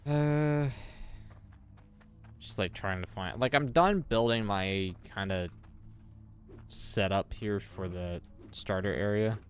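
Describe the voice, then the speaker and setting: A man's voice: on the low side, takes it slowly, pauses often. A man, chatting and joking while streaming a game. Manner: joking, laughs often. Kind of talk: casual gaming chat.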